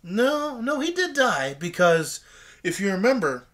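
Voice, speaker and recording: A young man plays a tactless, rambling oddball guest in a comedy sketch. His voice sits a touch high and sounds bright, with a lively, swinging pitch. He stumbles through absurd tales with stop-start fillers. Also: a little slow, full character voice. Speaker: bizarre guest in a comedy skit.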